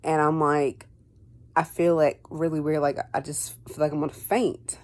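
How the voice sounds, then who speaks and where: A woman with a low voice tells a personal story to the camera in a loose, chatty vlog. She leans on "like" and "um" and slips into quoted back-and-forth as she goes. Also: little pitch movement, normal speed, a little mellow. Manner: rambling, heavy on fillers like "like" and "um"; acts out dialogue in quotes. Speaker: vlogger.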